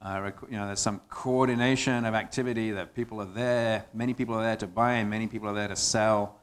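A man speaking as a panelist, halting and filling pauses with fillers. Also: on the low side, steady tone, clean tone. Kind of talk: panel discussion.

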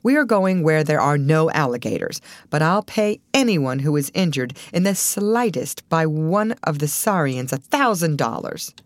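A woman's voice: low-pitched, expressive, moderate pace, hardly any pauses, no echo. A woman voicing a middle-aged male film company manager who speaks firmly and lays out plans. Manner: firm, organizing, reassuring.

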